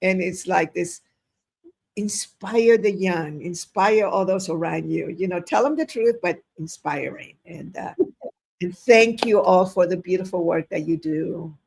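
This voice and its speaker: A woman in her seventies speaks as an interview guest. Her voice has a gravelly edge, and she tells stories in an effusive, rambling way over a video call. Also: on the low side, a little slow, a little mellow, slight background noise. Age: 70s. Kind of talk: casual interview talk.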